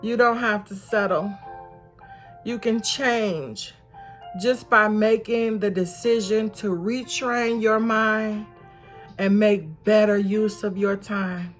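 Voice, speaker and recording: Slow, earnest woman vlogger testifying. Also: mid-range voice, fairly even intonation, faint music behind. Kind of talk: motivational personal vlog.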